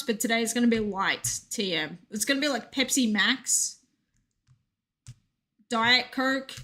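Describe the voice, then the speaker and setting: A woman's voice: on the high side, fairly bright tone. A young woman streaming a game, chatting casually and reading out chat with joking asides.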